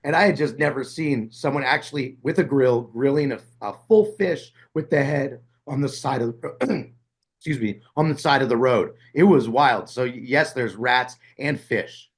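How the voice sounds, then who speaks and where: A man's voice: mid-range voice, normal speed. A man hosting a podcast who chats casually and asks short follow-up questions. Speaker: podcast host. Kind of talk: casual interview chat.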